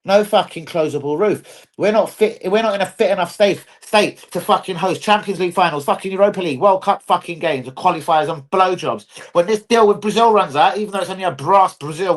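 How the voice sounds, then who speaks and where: A man's voice: high-pitched, brisk. Brief: man hosting a livestream, rowdy and foul-mouthed, mumbling one moment and bellowing the next. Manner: rowdy, profane, swings from mumbling to shouting. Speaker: livestream host. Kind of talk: livestream fan chat. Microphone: computer mic on a livestream.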